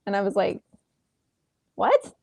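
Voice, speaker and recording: A woman in her thirties, an actress telling a lively story in a casual interview from home over a video call, acting out the exchanges she quotes. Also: medium pitch, moderate pace, vocal fry, dry recording. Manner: animated, acts out quoted exchanges. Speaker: actress guest.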